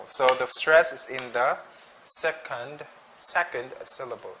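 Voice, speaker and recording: Slow, deliberate man teaching pronunciation. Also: mid-range voice, noisy background. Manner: slow, deliberate, repeats each word twice. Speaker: English teacher. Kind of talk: pronunciation drill lesson.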